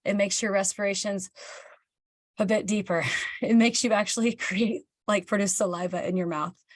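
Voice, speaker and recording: A chatty woman from Kansas gives a candid motivational talk to her team. She answers viewer comments as she goes and acts out dialogue in quotes. Her voice sits at a middle pitch and is recorded close and dry. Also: fairly even intonation, moderate pace, dry recording. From Kansas, United States. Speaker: team leader hosting a live session.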